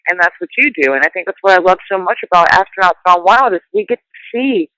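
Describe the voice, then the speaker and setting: A woman hosting a casual conversation, talking in an eager, animated way and agreeing readily. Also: fairly low pitch, quick pace, dry recording, rough recording.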